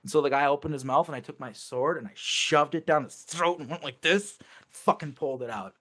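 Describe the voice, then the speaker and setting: A man's voice: on the high side, a little fast, fairly bright tone. A man talking as an interview guest, recounting memories casually but intensely and swearing freely.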